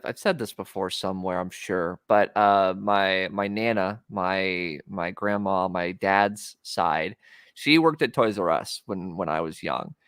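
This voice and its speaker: A man's voice: lowish voice, a bit bright, clean tone, no echo, clean studio sound. A young man co-hosting a casual stream about toys, joking and rambling and slipping into comic voices. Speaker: podcast co-host.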